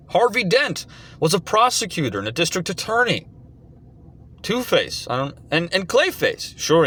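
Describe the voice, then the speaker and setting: A man's voice: fairly high pitch, fairly bright tone, slight background noise. A man delivering an indignant, sarcastic commentary rant. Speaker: commentary vlogger. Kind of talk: ranting commentary.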